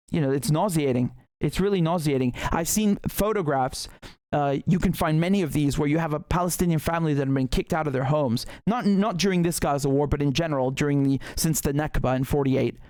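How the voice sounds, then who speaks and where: A man's voice: on the high side, darkish tone, dry recording. A man hosting a live political commentary show who talks in a heated, indignant way, often repeating words and restarting sentences.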